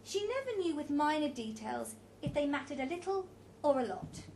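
A woman's voice: high voice, sing-song, normal speed, darkish tone, a little hiss or hum. A woman reading a story aloud with a dramatic, varied delivery.

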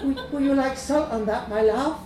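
A man voicing a soft-spoken young woman serving behind a chip-shop counter, gentle and coaxing. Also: extremely high pitch, moderate pace, far from the mic, noisy background, pitched above the performer's own voice. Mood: sweet. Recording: roomy echo.

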